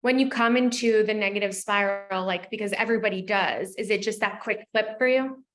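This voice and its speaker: A woman hosting a podcast, asking questions in a relaxed, chatty way full of "like". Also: medium pitch, fairly quick. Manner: chatty, lots of filler "like". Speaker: podcast host. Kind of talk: casual interview chat.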